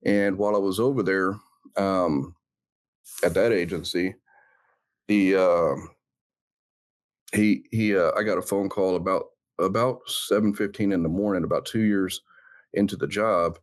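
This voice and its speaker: Deep-voiced guy telling his story on a podcast, earnest, lots of uhs and pauses. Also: steady tone. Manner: earnest, reflective, halting with many fillers. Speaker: guest, former police officer. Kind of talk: personal storytelling in an interview.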